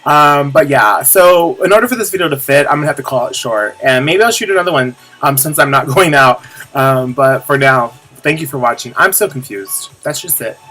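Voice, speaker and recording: A man's voice: mid-range voice, brisk, sharp tone, faint music behind. A young man talking candidly to camera in a casual confessional vlog, rambling with lots of fillers and restarts and the odd swear word. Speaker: vlogger.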